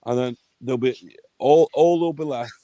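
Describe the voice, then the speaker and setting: A man's voice: mid-range voice, brisk, mellow, no echo, muffled recording. A man hosting a livestream, ranting in a heated, sweary, blunt way. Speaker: livestream host.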